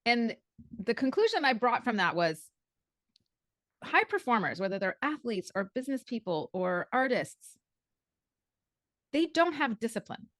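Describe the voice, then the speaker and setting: A woman guest and coach in a podcast interview, telling stories and acting out her own past thoughts in quick little voices. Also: a little high, no echo. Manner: animated storyteller who acts out her own past thoughts.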